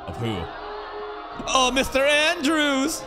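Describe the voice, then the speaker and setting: A man's voice: extremely high pitch, wildly swooping pitch, slow, a crowd in the background. Heated, profane man reacting to anime. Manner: heated, profane, yelling at the screen. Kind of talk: live anime reaction commentary. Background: anime episode audio with music.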